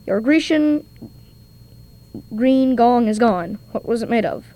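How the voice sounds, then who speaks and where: A woman's voice: on the high side, animated, takes it slowly, dark tone. A woman voicing a self-important male detective, reading his lines emphatically in a story read aloud. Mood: emphatic. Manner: emphatic, tongue-twister reading.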